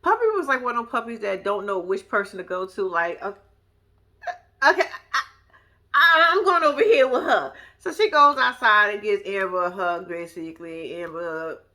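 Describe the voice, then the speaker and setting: A woman giving blunt, profane, casual commentary on a reality show, retelling scenes with lively put-on voices. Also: medium pitch, normal speed.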